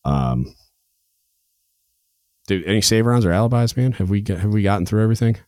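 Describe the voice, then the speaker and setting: Deep-voiced casual podcast host. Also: male voice, animated, brisk, a little mellow, no echo, clean studio sound. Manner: rambling, filler-heavy, says "like" and "dude" a lot. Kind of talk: casual chat. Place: home podcast studio.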